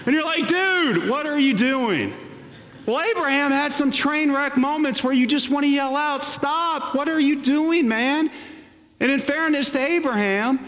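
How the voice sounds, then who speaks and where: A man preaching a sermon as pastor, animated with playful asides. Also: sits high, in a large hall.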